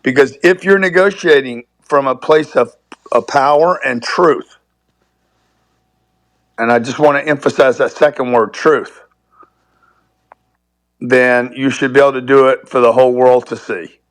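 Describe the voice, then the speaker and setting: A man's voice: medium pitch, fairly quick, few pauses, no echo. A man calling into a live talk show, arguing his point with blunt, profane emphasis and repeating words for stress. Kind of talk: heated casual debate. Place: remote call from a resort.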